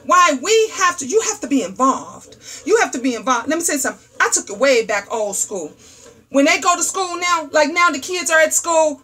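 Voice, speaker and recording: A middle-aged woman hosting a livestream talk show, ranting in a loud, profane, sassy storytelling way. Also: high-pitched. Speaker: host.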